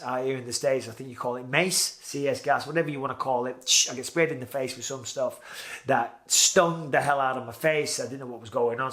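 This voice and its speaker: A man's voice: mid-range voice, fairly bright tone. A British man in his forties telling a vivid personal story in a casual way, acting out his own past lines. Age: 40s. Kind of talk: casual spoken anecdote.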